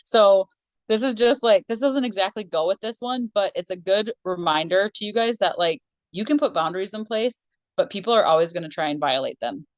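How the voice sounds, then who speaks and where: A woman who teaches shop, chatting casually on a podcast and rambling through stories with quick laughs. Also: mid-range voice, no room sound, lo-fi sound. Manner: rambling storyteller who acts out conversations with laughs.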